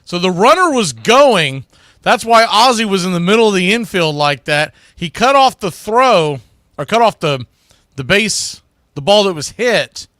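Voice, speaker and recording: A man's voice: high voice, a bit bright, no echo, studio quality. A man calling live baseball play-by-play who often corrects himself mid-sentence.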